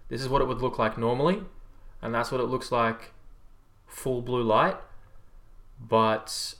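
A man's voice: mid-range voice, steady tone, unhurried, a bit bright. An Australian man chatting casually on a livestream, reading out viewer comments and rambling with free swearing. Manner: rambling, laid-back, swears freely. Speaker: livestreamer and health coach.

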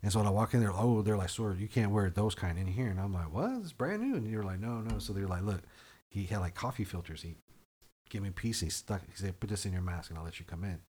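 Man, low voice, casual swearing storyteller who acts out quotes. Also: quick pace, breathy edge. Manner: profane, animated storytelling with acted-out quotes. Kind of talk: casual podcast chat.

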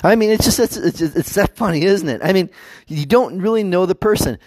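A man talks straight to the camera in a loose, rambling monologue. He keeps restarting sentences and slips into little acted quotes. His voice sits a bit high, and the sound is dry. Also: expressive, brisk, darkish tone, no echo. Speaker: vlogger.

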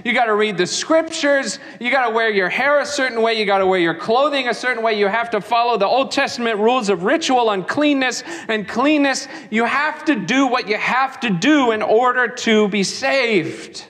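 Animated high-voiced preacher in a hall. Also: male voice, moderate pace, few pauses. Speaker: pastor. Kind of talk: sermon.

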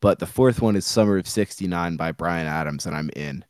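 An American man co-hosting a sports podcast in casual chat, joking dryly and trailing off quietly. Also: low voice, fairly quick, clean tone, no echo, clean studio sound. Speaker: podcast co-host.

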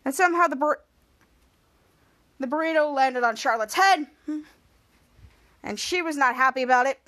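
A woman's voice: sits high, moderate pace, pushed and bright. A woman hosting a podcast, casually retelling a TV episode scene by scene and often restarting and repeating words as she goes. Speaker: podcast host.

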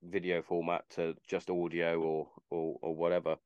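A man's voice: sits low, completely flat delivery, moderate pace, smooth, dry recording, lo-fi sound. A man hosting a podcast, chatting casually in a rambling way and swearing freely. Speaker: podcast host. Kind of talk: casual chat.

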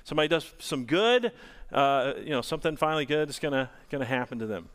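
A man's voice: mid-range voice, lively intonation, fast talker, fairly bright tone. A male pastor preaching a sermon, asking the congregation rhetorical questions.

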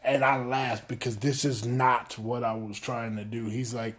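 A podcast host chats casually in a subdued, low-energy monotone, rambling a bit and adding self-deprecating asides. He talks at a normal speed.

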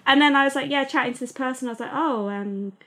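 A woman in her thirties, co-hosting a podcast, telling stories in a chatty way with quick laughs. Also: high-pitched, bright, forceful tone. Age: 30s. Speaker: podcast co-host. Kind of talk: casual chat.

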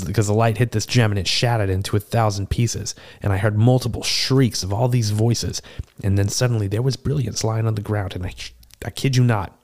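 A man playing a seasoned male tortle cleric, telling a rambling, animated, self-deprecating tavern tale in a tabletop game. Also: fairly low pitch, close to an everyday voice. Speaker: player. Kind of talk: in-character tavern storytelling.

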